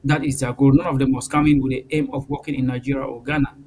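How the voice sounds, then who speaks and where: A man speaking as a guest on a TV news panel, halting and emotional, with frequent fillers. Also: medium pitch, little pitch movement, darkish tone, slight background noise, poor audio. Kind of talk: live TV panel discussion.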